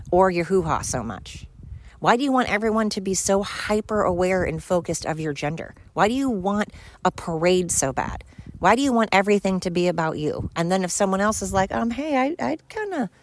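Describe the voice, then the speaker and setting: A woman hosting a solo podcast, ranting bluntly and crudely, rambling with fillers and exasperated asides. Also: mid-range voice. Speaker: podcast host. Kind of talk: solo opinion podcast rant.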